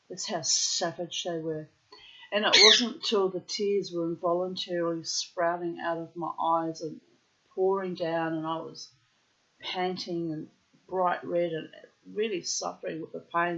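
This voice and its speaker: A woman from New Zealand, speaking with its accent, tells a long personal story to her viewers. She is blunt and swears freely. Her voice is bright and forceful, and the home recording sounds dull and lo-fi. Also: lowish voice, steady tone, a little slow. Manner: blunt, profane, talks to the viewer. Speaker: vlogger.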